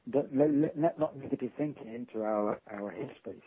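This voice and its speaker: A man's voice: medium pitch, a little hiss or hum. Earnest man over a tinny phone line. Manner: earnest, halting with many restarts. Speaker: author guest. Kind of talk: casual interview talk.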